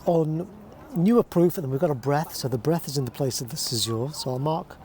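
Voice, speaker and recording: A man with a fairly high but mellow voice talks through a verse lesson, breaking off to read lines slowly and with care. Faint traffic noise sits behind him. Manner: explains calmly, then reads lines aloud slowly and deliberately. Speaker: teacher.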